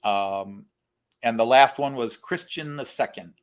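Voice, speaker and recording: A man's voice: medium pitch, unhurried. A man co-hosting a casual live stream, explaining and thinking aloud with many fillers. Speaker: co-host of a model railroad live stream.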